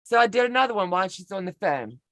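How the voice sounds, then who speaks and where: A fast-talking, very animated woman with a mid-range voice and no echo co-hosts a sewing pattern walk-through. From home over a video call, she rambles through a personal story in casual chat, chatty and folksy, joking at her own expense.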